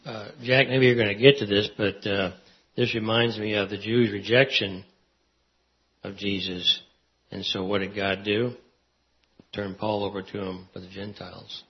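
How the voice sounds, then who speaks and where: A man in a Bible class making a comment to the teacher. He speaks quietly and tentatively, with some fillers. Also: fairly low pitch, flat delivery, normal speed. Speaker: class member. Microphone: off-mic, picked up from across the room. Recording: distant, dull lo-fi pickup.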